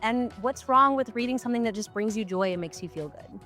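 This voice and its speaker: A woman's voice: a little high, a little fast, pushed and bright, faint music behind. A woman who owns a bookstore, answering radio interview questions in an earnest, enthusiastic, conversational way. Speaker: bookstore owner, radio guest.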